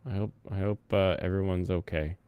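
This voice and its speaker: Male streamer, lowish smooth voice, dry close sound, loose rambling chat with idle humming. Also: steady tone, brisk, mellow, dry recording. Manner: rambling, hums to himself between topics. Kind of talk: casual live-stream chat.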